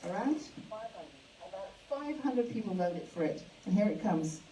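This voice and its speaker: A woman hosting a live awards ceremony. She speaks haltingly, with many fillers and restarts. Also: medium pitch, animated, dark tone, a little hiss or hum. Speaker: awards host. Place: event hall. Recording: echoey hall, mic from a distance.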